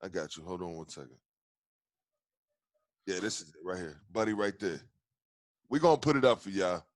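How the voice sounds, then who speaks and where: A man's voice: sits low, animated, normal speed, dry recording. Fired up aave guy hosting a podcast, cussing, restarting a lot, dry close sound. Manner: heated, profane ranting with many restarts. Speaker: podcast host. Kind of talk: casual podcast chat.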